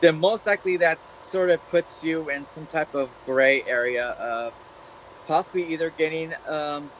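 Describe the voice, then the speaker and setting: A man's voice: fairly high pitch, moderate pace, a bit bright, slight background noise, rough recording. A man in casual group chat, explaining things patiently with frequent fillers.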